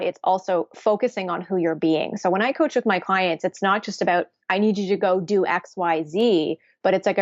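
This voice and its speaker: The woman here has a fairly low voice, recorded with no room sound and the high frequencies cut off. She's a nutritionist and coach being interviewed on a podcast, explaining earnestly and regularly tacking on "right?"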